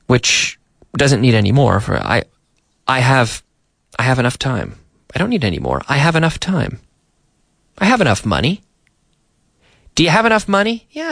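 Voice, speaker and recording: A man's voice: medium pitch, creaky, a bit bright, no echo. A man teaching English on a radio show from a studio, often repeating and rephrasing for learners. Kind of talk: radio language lesson. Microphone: studio microphone.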